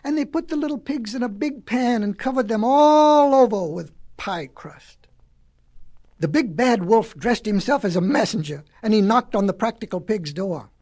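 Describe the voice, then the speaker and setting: A woman narrating a storybook in a folksy, lively storytelling manner. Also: on the high side, moderate pace. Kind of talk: storybook reading.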